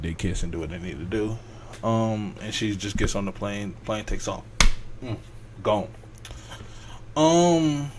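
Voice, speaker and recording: A man hosting a podcast, telling a long story in a loose, rambling way and acting out the characters' lines. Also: mid-range voice. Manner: rambling, acts out characters' lines in quick voices. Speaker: podcast host. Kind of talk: casual storytelling.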